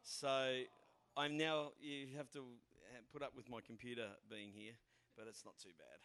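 A man's voice: mid-range voice, measured pace, fairly bright tone. An Australian man in his fifties, a guest pastor giving an informal, chatty sermon in a church with frequent fillers.

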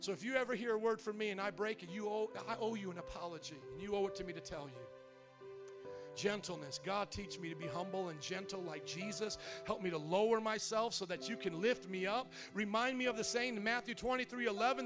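A man's voice: high voice, fast. A male pastor in his thirties preaching a sermon in a church, with impassioned, rising prayer and near tears. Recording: music playing under the voice.

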